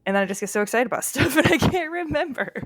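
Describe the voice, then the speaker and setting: A woman co-hosting a casual podcast chat, talking with laughs and pausing to search for words. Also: high-pitched, expressive, no echo. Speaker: podcast co-host.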